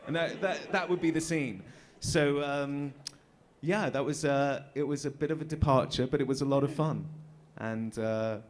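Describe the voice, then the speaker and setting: A man's voice: medium pitch, moderate pace. An English man telling loose, laughing anecdotes as a guest at a convention panel. His talk wanders through fillers and restarts, with a faint background hum. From England. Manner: chatty, laughing often, trailing off into fillers. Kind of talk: casual anecdotes on stage.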